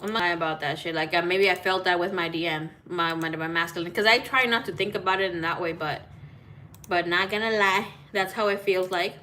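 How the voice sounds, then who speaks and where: A woman's voice: on the low side, steady tone, a little fast, bright, forceful tone. A woman talking casually to live viewers as a tarot reader, greeting people by name, cursing freely and slipping in Spanish greetings. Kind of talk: casual live-stream chat. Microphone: phone.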